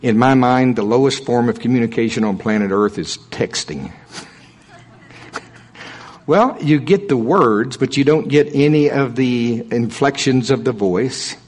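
A male preacher delivers a sermon in a relaxed, folksy manner, chatting with the congregation rather than orating. He leans hard on key points, repeats them for weight, and slips in dry humorous asides. His voice sits at a middling pitch. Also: unhurried.

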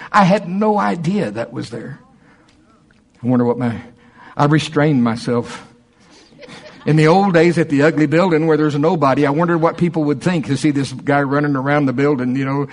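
A man preaching a sermon to his congregation, animated and excitable, slowing down to read scripture with care. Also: mid-range voice. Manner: animated, excitable, breaks into laughter and shouts; reads scripture slowly and deliberately. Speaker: pastor.

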